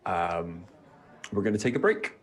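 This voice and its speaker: A man narrates a tabletop roleplaying game as game master. His voice sits fairly low. He talks in a measured, hesitant way, with many ums. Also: sing-song. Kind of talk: narrating a tabletop game and addressing stream viewers.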